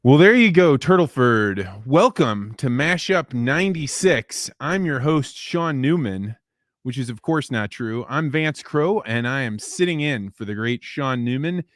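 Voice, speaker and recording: A man's voice: medium pitch, lively intonation, a little slow, dry recording, clean studio sound. A man from the Midwestern United States sitting in as guest host, chatting in a playful, upbeat way. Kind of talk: casual podcast chat.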